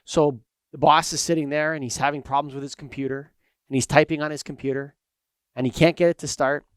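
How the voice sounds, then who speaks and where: A man co-hosting a podcast in casual chat, telling anecdotes in an animated way. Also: a little high, brisk, smooth, dry recording. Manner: animated storyteller, acts out anecdotes. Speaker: podcast co-host.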